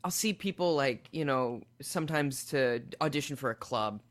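A man appearing as a comedian guest on a podcast, talking fast and animatedly, jumping between tangents with lots of "like" and self-deprecating asides. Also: medium pitch, expressive, a bit bright. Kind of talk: casual chat. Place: New York.

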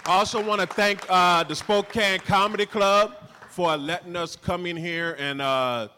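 A male judge at a comedy club show, halting with many fillers before joking. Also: high-pitched, fairly even intonation, bright, forceful tone, smooth, a faint crowd. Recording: echoey live club room.

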